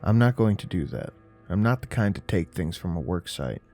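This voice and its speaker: A man's voice: low-pitched, big pitch swings, normal speed, warm tone. A man voicing a blunt, fed-up male homeowner who curses and threatens. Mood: angry. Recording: narration over faint music.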